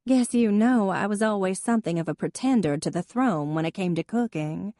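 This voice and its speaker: A woman voicing a fussy, easily flustered older sister with a high, prim, tremulous voice. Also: fairly quick, dark tone, no echo, studio quality, lightly acted. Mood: sheepish.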